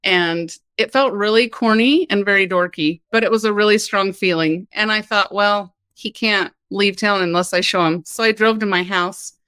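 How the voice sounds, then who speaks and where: A woman from Kansas, a podcast guest, telling her personal story in a lively, candid way with laughs and frequent "like". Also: mid-range voice, smooth, no room sound. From Kansas, United States.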